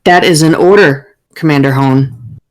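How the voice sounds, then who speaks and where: A woman voicing a stern female starship commander who gives firm, flat orders. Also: low-pitched, fairly quick, dry recording, lightly acted, poor audio. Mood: commanding.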